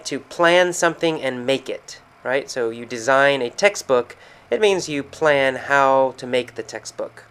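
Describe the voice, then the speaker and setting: A man with an American accent teaches English vocabulary at an unhurried pace. His voice is smooth and clear, sitting in a middle pitch, and he keeps stopping to act out short everyday phrases before explaining them. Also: fairly bright tone. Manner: slow, patient explanations with quoted example phrases. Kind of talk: explaining vocabulary from a recorded conversation. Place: San Francisco.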